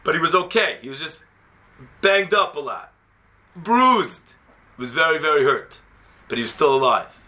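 Man, high voice, very bright and sharp tone, lively storytelling talk to students. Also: moderate pace, long pauses. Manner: animated, conversational, sprinkled with Hebrew and Yiddish words. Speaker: yeshiva teacher giving a talk to students.

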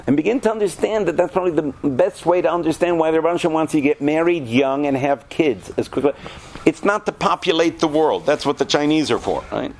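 Animated man lecturing a class. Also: a little high, a little fast. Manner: animated, asks the class questions. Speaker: yeshiva teacher. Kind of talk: lecture to students.

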